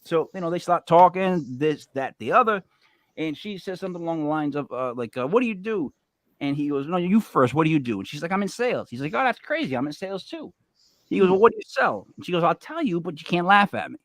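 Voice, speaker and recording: A man's voice: fairly high pitch, lively intonation, fast talker, dry recording. A man co-hosting a casual show, telling a long joke with many ums and restarts. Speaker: podcast co-host.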